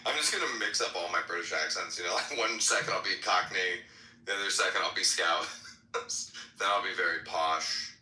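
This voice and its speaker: A man with a very low, strikingly bright, edgy voice chats casually, swearing and laughing as he goes. The room is echoey and there is faint noise underneath. He talks like a podcast co-host bantering with friends. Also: moderate pace. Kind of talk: casual chat. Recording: roomy echo, faint noise.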